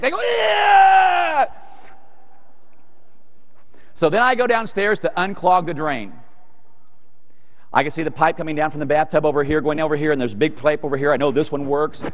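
Animated middle-aged male keynote storyteller. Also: fairly high pitch. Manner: animated, acts out family scenes, talks to the audience. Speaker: keynote speaker. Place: large hall with a live audience. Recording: long hall reverb.

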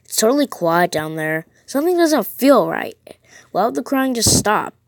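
A woman's voice: on the high side, very animated, normal speed, no room sound. A woman reading a text-message horror story aloud, voicing a frightened teenage girl who sounds panicky and asks question after question. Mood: scared.

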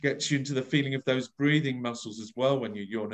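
Leading an online voice workshop over a video call, a man with a medium-pitched voice speaks fairly quickly. He coaxes the group along and acts out each phrase with big, exaggerated expression.

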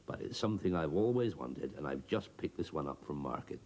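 A man's voice: a bass voice, animated, brisk, darkish tone, husky, full character voice. A man doing a kindly, fussing old-style farmer. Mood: proud. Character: kindly cheerful farmer, middle-aged man.

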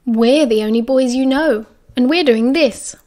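A woman's voice: sits high, measured pace, a little mellow. A woman playing a cocky teenage boy full of cheeky banter. He wisecracks in a light, breezy way in a storybook reading.

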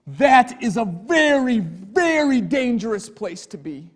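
A man's voice: very high voice, very animated, slow. A male pastor preaching an earnest, emphatic sermon and telling stories to his congregation in a church sanctuary. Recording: long church hall reverb.

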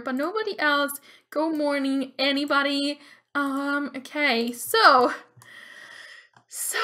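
A young woman hosts a life-sim let's play with a very high voice. Her tone is bright and sharp, and she talks slowly, breaking into gasps and dramatic cries at the game. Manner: excitable, gasping, dramatic reactions. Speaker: gaming YouTuber.

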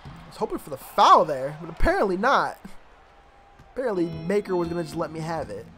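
A man's voice: on the high side, big pitch swings, a little fast, sharp tone, soft background music. Trash-talking young man commentating a game. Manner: trash-talking, profane, mutters to himself. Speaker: gamer commentating his own basketball video game. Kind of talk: casual gameplay commentary. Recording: home recording with clear background noise.

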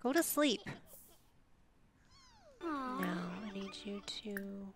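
A woman's voice: medium pitch, expressive, drawn-out words, heavy background noise. A woman giving casual gameplay commentary, chatty and sassy as she bosses her game characters around.

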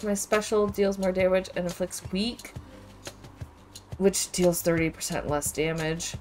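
A woman streaming a game from home, reacting aloud in casual, expressive commentary full of exclamations. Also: lowish voice, unhurried, soft background music. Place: home with webcam.

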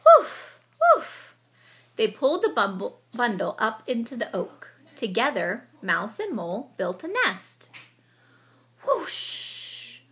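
A woman reading a children's picture book aloud with expressive storytelling, and she sometimes stops to explain the story. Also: fairly high pitch, moderate pace, few pauses.

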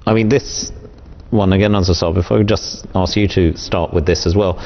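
Deep-voiced man hosting a panel. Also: fairly even intonation, darkish tone. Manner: measured, posing questions to panelists. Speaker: show host. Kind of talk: studio panel discussion. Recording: dull lo-fi sound, faint noise.

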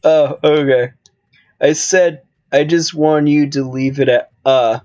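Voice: medium pitch, fairly even intonation, slow pace, darkish tone, no echo, highs cut off. A gamer chatting with friends over voice chat, teasing them and reading out game loot in a playful way. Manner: playful, teasing, narrates game items aloud. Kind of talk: casual voice-chat banter during a game.

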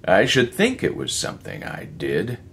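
A man's voice: sits low, wildly swooping pitch, gravelly, a bit bright, slight background noise, voice pushed up, full character voice. A man putting on a brusque, commanding older scientist. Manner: lecturing, commanding, slightly halting. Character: brusque older male scientist, intense and sure.

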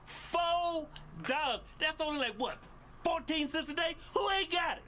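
A man's voice: very high-pitched, lively intonation, fairly quick, sharp tone, slight background noise. A man on a comedic talk show, teasing and swearing in a joking rant, laughing between his lines.

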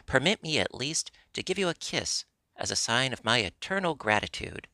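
Man voicing earnest puppet boy, eager, pleading, bright gravelly tone. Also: mid-range voice, sing-song, normal speed, no room sound. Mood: tender.

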